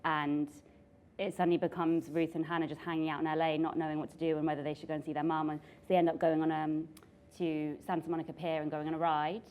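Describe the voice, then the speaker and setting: A woman co-hosting a live podcast in a theatre, telling stories in an animated way, apologetic and quick to laugh. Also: deep voice. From England. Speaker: podcast co-host and novelist. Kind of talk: casual chat at a live podcast recording. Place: theatre stage before a live audience.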